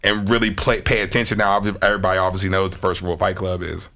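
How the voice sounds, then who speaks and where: Lively, bright-voiced man rapper chatting. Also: sits low, racing. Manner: animated, laughs often, slangy, breaks into rap. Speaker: podcast guest, rapper. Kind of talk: casual chat.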